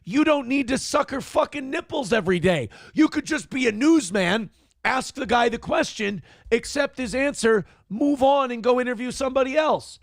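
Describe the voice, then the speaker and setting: A man hosting a morning show, ranting with profane sarcasm in a high, gravelly voice. His pitch swings widely as he talks, and the sound is dry and close. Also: lively intonation, moderate pace, no room sound. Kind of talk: ranting commentary on news clips.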